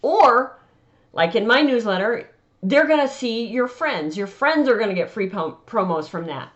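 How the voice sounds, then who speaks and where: Speaking to camera in a relaxed advice style, this woman author offers emphatic, chatty guidance on vendor-market selling and keeps slipping into acted-out customer exchanges. Her fairly high voice has lively intonation and a normal speed, though the recording sounds muffled.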